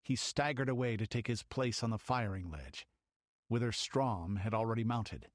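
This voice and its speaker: A man's voice: on the low side, normal speed, dry recording, studio quality. A man reading an audiobook in dramatic storytelling narration. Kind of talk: scripted narration.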